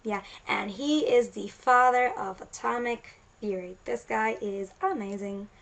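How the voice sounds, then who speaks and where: A woman's voice: on the high side, measured pace, vocal fry, a bit bright, poor audio. A woman science teacher giving a casual recorded lecture, explaining chatty and loose with frequent restarts.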